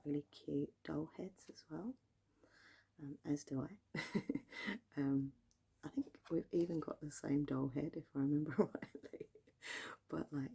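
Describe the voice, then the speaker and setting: A woman ASMR creator chatting softly to the camera, repeating trigger words. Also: deep voice, creaky, slightly rough. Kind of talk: casual whispered talk to camera.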